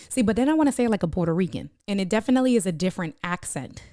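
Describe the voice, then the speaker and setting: A woman's voice: fairly low pitch, quick pace, few pauses, warm tone, no room sound, studio quality. A woman live streamer chatting casually and rambling to her viewers, reading their chat messages aloud. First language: Spanish (bilingual).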